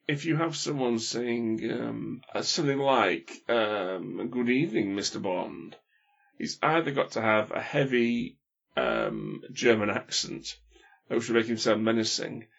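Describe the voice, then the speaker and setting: A man's voice: mid-range voice, measured pace, vocal fry, husky. A man chatting casually about films, opinionated, often stopping and restarting his sentences. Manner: hesitant, many restarts, opinionated. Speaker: film podcast panelist. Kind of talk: casual chat. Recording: dull lo-fi sound.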